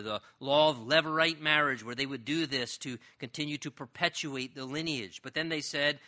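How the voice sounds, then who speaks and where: A male pastor delivers a sermon in a very bright, ringing voice. He sits a little high in pitch and leans hard into his key phrases to drive them home. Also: moderate pace, few pauses. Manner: emphatic preaching, swelling on key phrases.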